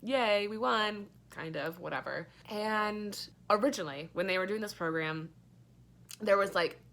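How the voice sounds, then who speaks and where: A woman's voice: mid-range voice, measured pace, gravelly, a bit bright. A young woman giving a casual, rambling book review, sarcastic and full of fillers and swearing.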